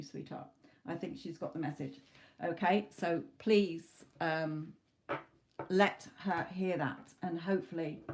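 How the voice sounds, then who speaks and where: A woman's voice: fairly low pitch, creaky. A woman doing a live psychic tarot reading, earnest, often checking in with "okay?" as she relays messages. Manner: relays messages from a spirit in first person. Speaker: tarot reader.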